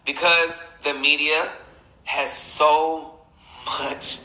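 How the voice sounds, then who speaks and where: A man talking on a phone live stream in a casual monologue, earnest and halting, repeating his points deliberately. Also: on the high side, expressive, bright, forceful tone. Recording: roomy echo.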